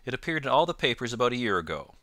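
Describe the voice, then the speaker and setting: A man voicing a sharp, confident male detective in an audiobook, cool and measured. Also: mid-range voice, big pitch swings, no echo, clean studio sound, voice pushed up. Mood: assured. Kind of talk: audiobook narration.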